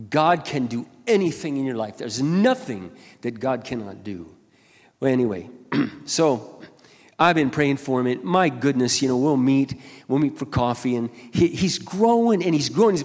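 A male pastor with a fairly high voice preaches with passion, swinging from hushed, confiding asides to loud, fervent exclamations. His voice carries a long reverb from the hall around him. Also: lively intonation, normal speed. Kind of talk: sermon.

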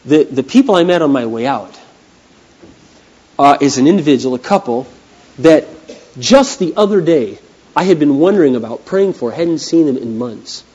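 A man preaching a sermon as a pastor, telling stories with an animated manner that swings from hushed to loud. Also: a little high, moderate pace, pauses often, slightly rough, lo-fi sound. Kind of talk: storytelling sermon.

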